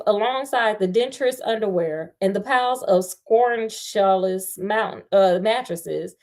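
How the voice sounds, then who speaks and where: A woman reading a novel aloud, breaking off now and then for slangy asides to her listeners. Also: mid-range voice. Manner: breaks off to talk back to the story with slangy commentary; lively, expressive delivery, stumbles and restarts. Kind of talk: casual read-aloud with chatty asides.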